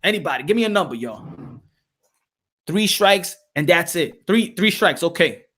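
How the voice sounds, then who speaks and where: Man, podcast host, casual livestream chat, very lively pitch, repetitive, talks to viewers. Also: moderate pace. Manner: animated, repeats himself, addresses the chat.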